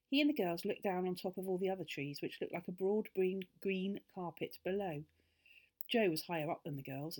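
A woman reading a children's story aloud in an expressive, animated way. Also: lowish voice, breathy edge.

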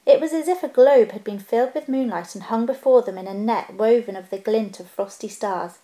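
A woman narrating a storybook aloud in a calm, steady storytelling voice. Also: on the high side, brisk. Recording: roomy echo.

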